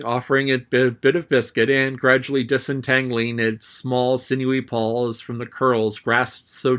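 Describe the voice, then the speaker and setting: A man reading a classic adventure novel aloud as an audiobook narrator, telling the story in a lively way. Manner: lively storytelling, raising his pitch for the boy's lines.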